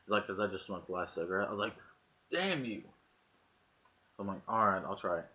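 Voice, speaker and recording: Talking at a racing pace, a male vlogger with a low, steady voice casually tells his webcam a story full of profanity, acting out what the people in it said. The audio from his webcam mic is dull and lo-fi.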